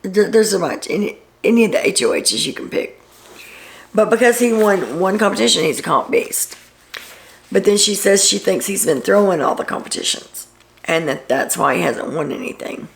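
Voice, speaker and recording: A woman's voice: medium pitch, animated, fairly quick, gravelly, a little hiss or hum. A woman hosting a reality TV recap, retelling events in a casual, gossipy way with sarcastic asides.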